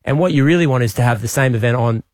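Australian man, relaxed radio guest. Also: medium pitch, rapid-fire, no echo. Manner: relaxed, talks in restarts and fillers. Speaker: state premier, radio guest. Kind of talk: casual radio interview.

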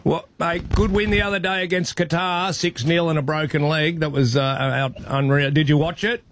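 A man hosting a radio show, bantering and quizzing callers with jokey quick questions. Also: fairly high pitch, steady tone, a bit bright, a little hiss or hum. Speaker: radio host.

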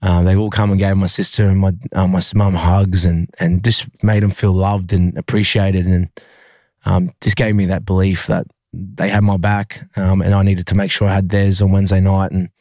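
An Australian man, a rugby league player, telling a painful personal story in an interview, halting with many fillers and restarts. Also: low-pitched, little pitch movement, darkish tone, dry recording, clean studio sound.

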